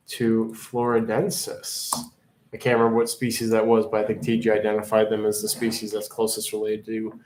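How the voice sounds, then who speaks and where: A man's voice: mid-range voice, a little hiss or hum. A man hosting a live-streamed auction in casual chat, rambling and joking as he reads out the chat. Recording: echoey room.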